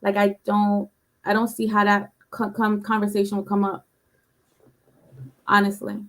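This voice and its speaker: A woman's voice: medium pitch, monotone, moderate pace. A woman in a casual podcast discussion who argues her point insistently, often restarting her sentences. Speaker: podcast co-host.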